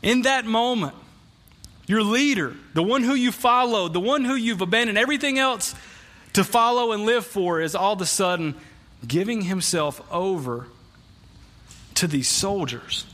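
Bright high-voiced male preacher. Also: lively intonation, normal speed. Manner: conversational storytelling, frequent restarts. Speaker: pastor. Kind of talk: sermon. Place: church.

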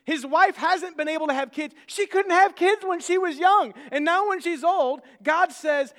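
A man's voice: very high voice, expressive, normal speed, pushed and bright. A man in his thirties preaching a sermon, conversational, often repeating words as he starts sentences. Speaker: pastor. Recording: long reverb of a large hall.

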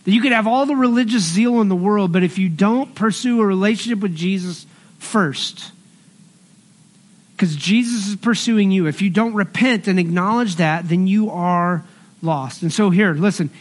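A middle-aged man preaching a sermon as pastor, earnest and conversational, mixing scripture with personal stories. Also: high voice.

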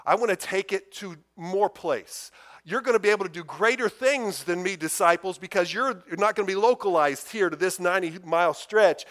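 A man's voice: high-pitched, normal speed, a bit bright. A man preaching a sermon to his congregation, emphatic and given to repeating words as he builds each point. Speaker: pastor.

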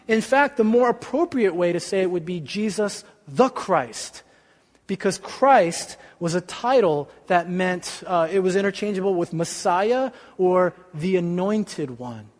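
Pastor preaching casually with quips, high-pitched man, reverberant church. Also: measured pace. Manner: lively, conversational, joking asides. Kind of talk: sermon.

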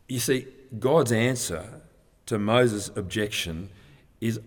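A man's voice: lowish voice, slow pace. A man preaching a sermon from a handout, earnest and emphatic as he teaches scripture. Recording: long reverb of a large hall.

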